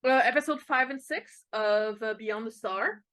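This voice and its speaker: A woman co-hosting a podcast, talking casually with plenty of feeling, loose swearing and laughter. Her voice is bright and slightly high. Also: a little slow. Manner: emotional, swearing, laughing often. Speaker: podcast co-host. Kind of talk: casual fan chat.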